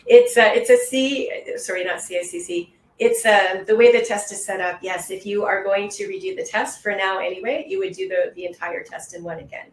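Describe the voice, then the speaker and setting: Woman instructor, patient and explanatory, mid-pitched voice, echoey room sound, video call. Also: brisk, hardly any pauses. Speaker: online test-prep instructor. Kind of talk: webinar Q&A answers. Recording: roomy echo.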